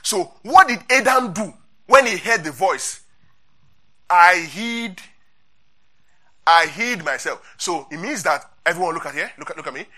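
Bright, animated preacher quizzing his congregation. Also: high-pitched, measured pace, pauses often. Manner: quizzes the congregation, repeats key questions. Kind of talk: interactive Bible teaching sermon.

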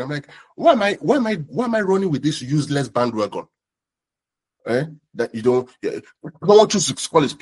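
A young man preaching a sermon, animated and repeating his words as he goes. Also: a little high, slightly rough. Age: young adult. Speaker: pastor.

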